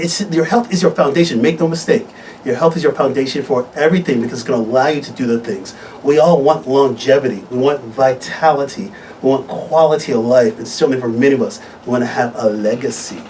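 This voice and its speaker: A man who is a physician, hosting a live radio health talk show in a studio, telling stories in an upbeat, animated way. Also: far from the mic, a little hiss or hum, low-quality recording. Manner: upbeat, animated storytelling with wide pitch swings. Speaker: host, physician.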